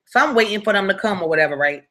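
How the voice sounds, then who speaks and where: Role: live story-time host. Sex: woman. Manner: animated, blunt, profane, keeps asking "right?". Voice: bright, forceful, mid-pitched. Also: very fast.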